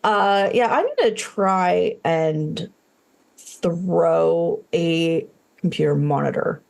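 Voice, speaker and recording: Hesitant, gravelly low woman player. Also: takes it slowly, darkish tone. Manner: hesitant, many fillers. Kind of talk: tabletop game play.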